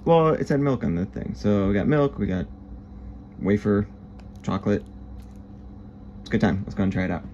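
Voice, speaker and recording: A man on tour as a bassist, chatting straight to the camera in a casual travel vlog and poking fun at himself. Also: expressive, moderate pace, long pauses, darkish tone, dull audio, slight background noise. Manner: chatty, self-mocking, talks straight to camera. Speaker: touring bassist.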